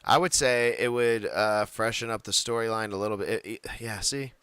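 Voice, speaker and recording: Podcast co-host, man, lowish voice, rambling jokey delivery, dry mic. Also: moderate pace, a bit bright, clean tone, dry recording. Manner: rambling, jokey, tries out silly accents. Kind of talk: casual wrestling chat.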